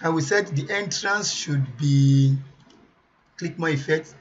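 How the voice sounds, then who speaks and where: Man doing a screen tutorial, slow and unhurried, repeats himself a lot, kinda dull lo-fi sound. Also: a little high. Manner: muses aloud over choices, repeats himself. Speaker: software tutorial presenter. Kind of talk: screen-recorded tutorial, thinking aloud.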